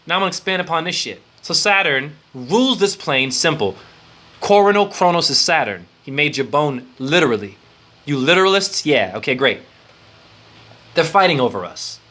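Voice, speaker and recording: Male spiritual teacher, rambling and profane, bright sharp voice pitched a bit high. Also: very animated, normal speed. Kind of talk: improvised esoteric lecture.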